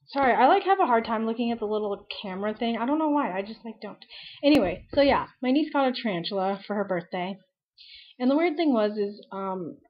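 A young woman of about nineteen rambles cheerfully to her webcam, scattering likes and ums through every sentence. Her voice sits at an ordinary middle pitch. The audio is a bit dull and lo-fi, like a built-in camera mic. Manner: chatty and rambling, heavy use of "like" and "um". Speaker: beauty vlogger. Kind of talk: casual chat to camera.

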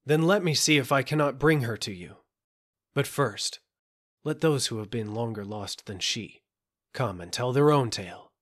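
A man reading a fairy tale, voicing a clever young squire who speaks with calm, teasing confidence. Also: mid-range voice, normal speed, lightly acted. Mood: proclaiming.

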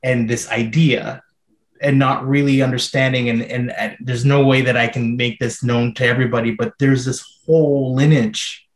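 A man who works as a filmmaker answers questions in a Q&A interview. He talks in an even, flat tone, searching for words with many fillers and restarts. The sound is roomy and echoey, as over a video call. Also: mid-range voice, moderate pace. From Canada.

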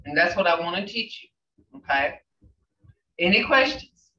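An older woman teaching a language class, speaking slowly and repeating phrases with emphatic questions. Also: fairly low pitch, sing-song, pushed and bright, a little hiss or hum. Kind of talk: language lesson. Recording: roomy, distant, dull sound.

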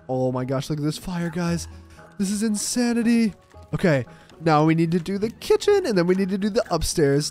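Man, excitable gameplay commentator with a slightly high voice who keeps exclaiming, over faint music. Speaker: gaming video creator.

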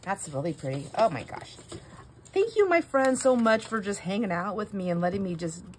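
A woman's voice: lowish voice, brisk, slight background noise. A middle-aged woman hosting a crafting vlog, telling family stories in a rambling, self-interrupting way while she stamps. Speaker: crafting channel host. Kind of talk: casual chat while stamping.

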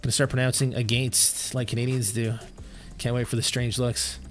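A man's voice: medium pitch, little pitch movement, fairly quick, faint music behind. A man streaming live gameplay, chatting casually and answering his viewers' questions while sounding tired. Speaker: game streamer.

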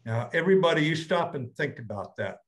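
An older man, a retired general, telling a story to an audience in a plain-spoken, blunt way and slowing down to stress his points. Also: fairly high pitch, expressive, a bit bright. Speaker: retired general, guest speaker.

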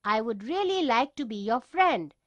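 A woman voicing a big schoolboy from a children's storybook, set in a fairly high voice. He teases at first and then turns shy and sorry. The voice is close and dry. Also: very animated, moderate pace, dry recording, muffled recording.

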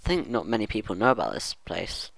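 He talks fast in a fairly low, creaky, sing-song voice with a fairly bright tone and no room sound. The gaming channel host narrates his own gameplay in a rambling let's-play, thinking aloud and occasionally humming.

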